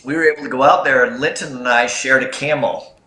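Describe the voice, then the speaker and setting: A man co-hosting a livestream, telling anecdotes with animated energy. His voice is bright and forceful. The room echoes around him. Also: medium pitch, quick pace. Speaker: co-host of a film livestream. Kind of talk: livestream storytelling chat.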